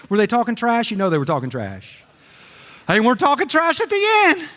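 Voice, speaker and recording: A middle-aged pastor preaches a sermon in a church auditorium, telling stories animatedly and putting on comic voices. He speaks briskly in a very high voice, and a long hall reverb fills the recording.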